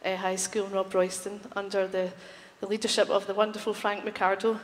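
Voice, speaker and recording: A woman's voice: mid-range voice, level tone, a little fast, heavy background noise. A woman from Glasgow, a musician introducing a tune live, chatty and teasing with many fillers, in a concert hall. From Glasgow, Scotland. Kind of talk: live stage banter. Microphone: stage microphone. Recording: live hall with crowd and long reverb.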